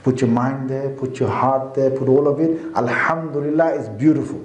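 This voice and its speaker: A British man giving an animated Islamic talk, stopping now and then to chant and recite. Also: medium pitch, normal speed. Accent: British English. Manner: animated, demonstrative, chants and recites between points. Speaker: religious teacher. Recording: echoey hall.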